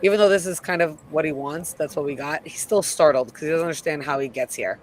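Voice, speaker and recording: A man with a slightly raised pitch recaps a TV episode in a loose, chatty way. He leans on fillers like "like" and "you know" during a casual live review. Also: fast talker, a little hiss or hum. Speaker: film review co-host.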